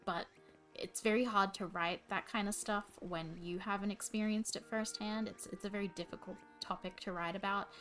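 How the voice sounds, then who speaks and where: A young woman chats loosely on a live stream, circling back and restarting her sentences. Her voice sits at an ordinary middle pitch over a desk mic. Soft music plays faintly behind her. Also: steady tone, moderate pace. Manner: rambling, filler-heavy with many restarts. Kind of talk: casual chat.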